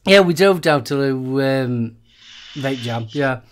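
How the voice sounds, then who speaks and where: A man's voice: mid-range voice, animated, slow pace. A Yorkshire man hosting a casual chat, agreeable and hesitant with lots of fillers. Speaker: host.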